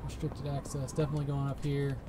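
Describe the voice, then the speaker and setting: A man's voice: medium pitch, completely flat delivery, quick pace, noisy background. A man with a Southern US accent streaming a game, chatty, laughing often and swearing freely. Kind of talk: casual live-stream commentary. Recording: game music playing behind the voice.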